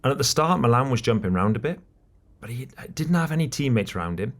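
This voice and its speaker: A man co-hosting a cycling podcast, talking in an animated, teasing way about the race. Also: mid-range voice, fast. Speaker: podcast co-host, race commentator. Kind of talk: casual podcast chat.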